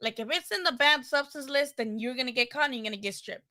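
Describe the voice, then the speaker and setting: A young woman talks through boxing news on her live stream in a loose, unscripted way. Her voice is bright and sits a bit high, and she swears casually and trails off into fillers and restarts. It sounds like relaxed chat from home. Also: fast talker. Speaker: boxing livestream host.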